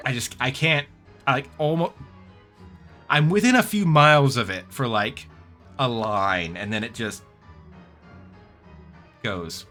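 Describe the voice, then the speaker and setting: A man's voice: medium pitch, slow, pauses often, sharp tone, faint music behind. A man casually commenting while he plays a video game, chatty and self-mocking. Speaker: game streamer.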